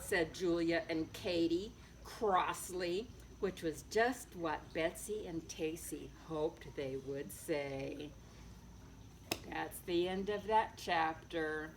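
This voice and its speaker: A woman author reading a children's book aloud, telling it in a playful, lively way. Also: fairly low pitch, takes it slowly, slight background noise. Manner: lively, playful storytelling with sound effects.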